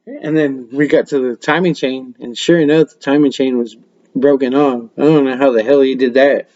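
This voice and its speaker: A man's voice: mid-range voice, warm tone, muffled recording. A man hosting a casual podcast, telling rambling stories full of swearing and laughter. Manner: profane, laughing, rambling storyteller. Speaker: podcast host. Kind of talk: casual storytelling. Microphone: webcam mic.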